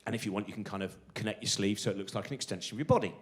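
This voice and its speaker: A middle-aged comedian telling stand-up stories, excitable and acting out the voices of people in them. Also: male voice, on the low side, rapid-fire. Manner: animated, excitable, acts out voices of people in his anecdotes. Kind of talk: stand-up storytelling.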